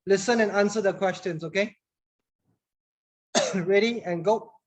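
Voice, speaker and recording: An English teacher runs her class in a chatty way, often repeating words and putting questions to the students. Her voice is medium-pitched and a little slow.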